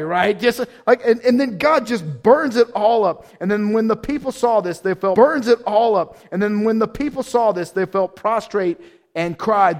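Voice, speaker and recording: A man's voice: high voice, animated, a little slow. A man preaching a sermon, reading scripture aloud and breaking in with playful, slangy asides.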